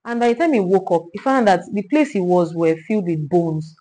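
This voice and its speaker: A woman leading a Bible study, teaching in an animated way, repeating herself and asking rhetorical questions. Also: on the low side, a little fast, low-quality recording.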